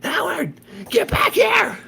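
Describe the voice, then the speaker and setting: A man's voice: very high voice, flat delivery, unhurried, voice pushed up. A man voicing a reckless teenage boy drummer who hollers in a frantic rush. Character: reckless teen boy drummer, wild showman.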